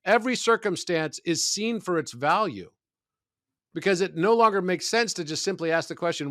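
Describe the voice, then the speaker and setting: Man, podcast guest, philosophical, storytelling, slightly high voice, dry close sound. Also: lively intonation, normal speed, sharp tone, no echo. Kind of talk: reflective spiritual discussion.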